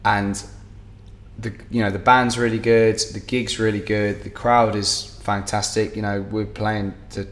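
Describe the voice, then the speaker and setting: A man's voice: on the low side, flat delivery, measured pace, echoey room. A man with an English accent, a guest musician in a casual podcast chat, talking animatedly and swearing freely.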